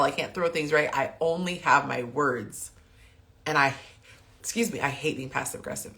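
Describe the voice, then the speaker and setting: A woman in her thirties, a dating coach giving direct, emphatic advice to camera and acting out short quoted exchanges. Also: low-pitched. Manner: emphatic, animated, acts out little quoted exchanges.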